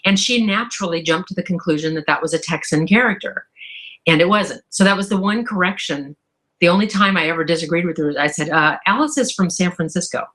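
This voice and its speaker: A woman's voice: lowish voice, a little fast, fairly bright tone. A woman author answering interview questions in a thoughtful, enthusiastic way. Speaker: author guest.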